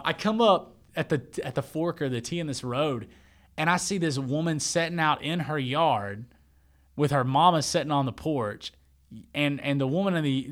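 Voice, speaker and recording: A man in his thirties who works in church media, telling a story in loose, rambling casual chat and calling his listener man and bro. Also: a little high.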